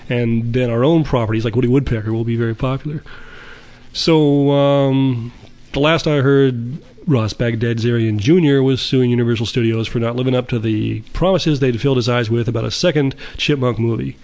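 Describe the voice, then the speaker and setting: A man's voice: medium pitch, steady tone, moderate pace, a little mellow. A man telling a long, rambling story in a casual monologue, often stammering and restarting his sentences.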